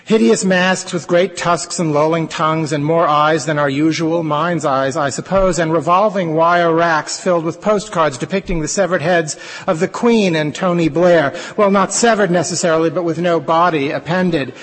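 A man's voice: a little high, normal speed, few pauses, fairly bright tone, voice pushed up. A man reading aloud as a rambling, eccentric middle-aged London housewife, in his own plain voice without an accent, wordy and digressive, in a lecture hall. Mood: musing. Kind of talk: dramatic reading of a monologue. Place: lecture hall before an audience. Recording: long reverb in a large hall.

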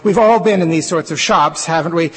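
Man reading the part of a rambling eccentric housewife, wordy, digressive, slightly high voice, long hall reverb. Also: brisk, a bit bright, husky. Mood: musing. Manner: wordy, digressive storytelling in plain accentless voice. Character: rambling eccentric middle-aged London housewife. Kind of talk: dramatic reading of a monologue. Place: lecture hall before an audience.

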